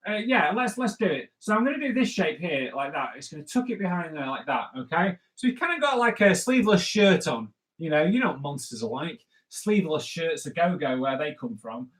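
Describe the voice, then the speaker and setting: Male comics artist, slightly high voice, loose jokey drawing tutor. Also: sing-song, a little fast, few pauses, a bit bright. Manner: chatty, rambling, with jokey asides. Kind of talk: live drawing lesson.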